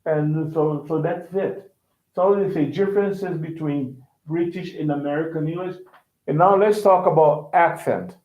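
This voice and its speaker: A man's voice: fairly high pitch, a little slow. A man teaching English in an online lesson, explaining with many restarts and checking that he is understood. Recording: echoey tinny online call.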